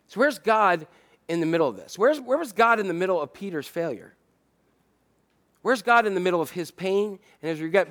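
A man's voice: fairly high pitch, a bit bright. A man preaching a sermon in a conversational, humorous way, asking many rhetorical questions.

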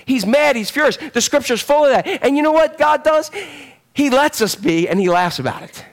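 A man preaching with a high, lively voice. He is middle-aged and animated, and he calls out to the congregation as he goes. His delivery swings between loud passages and hushed ones. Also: moderate pace. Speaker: pastor. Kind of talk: sermon.

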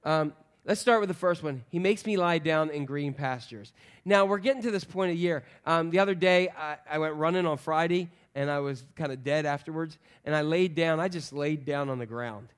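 Middle-aged pastor guy, high voice, chatty animated sermon. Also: normal speed, smooth. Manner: conversational, animated preaching with quoted voices.

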